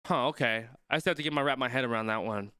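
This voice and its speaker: Young man, casual live commentary, bright voice, dry close sound. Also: mid-range voice, fast talker, clean tone, no echo. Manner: thinks aloud, reads chat, trails off mid-sentence. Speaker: streamer reacting to a rugby match.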